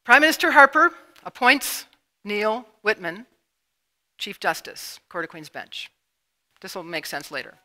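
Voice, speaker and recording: A middle-aged woman from Canada giving a public lecture, emotional and halting with sudden emphatic bursts. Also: medium pitch, sing-song, pushed and bright. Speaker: public speaker. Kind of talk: lecture presentation with slides. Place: university lecture room.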